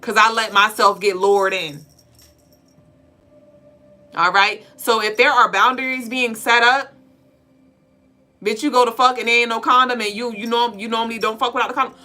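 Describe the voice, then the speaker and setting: Profane, animated woman with bright voice. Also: a little high, moderate pace, long pauses. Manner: profane, joking, animated storytelling. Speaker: podcast co-host. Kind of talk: casual live-stream talk on spirituality.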